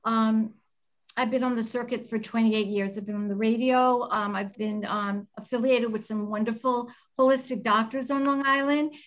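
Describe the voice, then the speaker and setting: High-voiced, effusive woman chef lecturing. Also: fairly even intonation, moderate pace, rough recording. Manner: earnest, effusive, with many "um"s. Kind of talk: online nutrition lecture.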